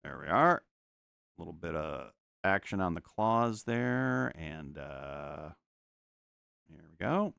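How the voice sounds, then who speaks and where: A man's voice: deep voice, takes it slowly, vocal fry, long pauses, clean tone, no room sound, studio quality. A man chatting casually while painting on a live stream at home, joking and making little sound effects as he works. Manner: animated, jokey, makes sound effects. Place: home studio.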